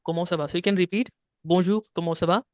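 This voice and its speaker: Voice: medium pitch, steady tone, racing, no room sound. A French teacher giving a one-on-one beginner lesson, explaining patiently step by step and checking in often.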